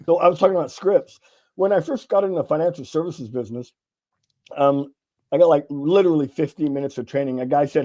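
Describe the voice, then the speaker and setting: A middle-aged Californian guest, a sales author, tells stories in a conversational interview, animated and casually profane as he acts out the people in his anecdotes. His voice is a touch high but mellow and relaxed. The recording sounds somewhat dull and lo-fi, with brisk, soft music behind him.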